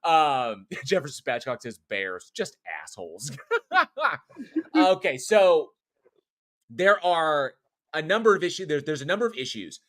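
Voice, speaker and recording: A man's voice: on the high side, lively intonation, moderate pace. A man co-hosting a horror podcast, talking through a film review in a loose, rambling way, swearing often and restarting his sentences. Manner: rambling, profane, frequent restarts and fillers. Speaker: podcast co-host. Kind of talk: casual film review chat.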